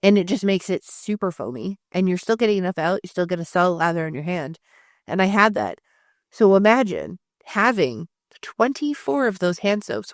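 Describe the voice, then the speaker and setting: A woman in her thirties with a lowish voice, talking casually on a podcast. She rambles through stories, drops curse words and laughs a lot. The sound is close and dry. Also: no echo. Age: 30s. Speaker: podcast co-host. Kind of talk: casual chat.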